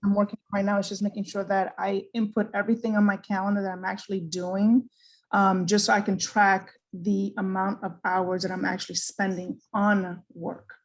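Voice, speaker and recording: A woman's voice: medium pitch, little pitch movement, moderate pace, poor audio. A woman answering a coach on a group call in a matter-of-fact way. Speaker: group member.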